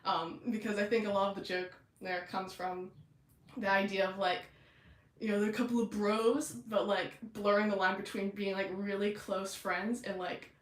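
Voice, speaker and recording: A woman's voice: medium pitch, level tone, normal speed. Bubbly giggly woman in a roomy space. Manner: bubbly, giggly, lots of fillers. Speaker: podcast host. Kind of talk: casual chat.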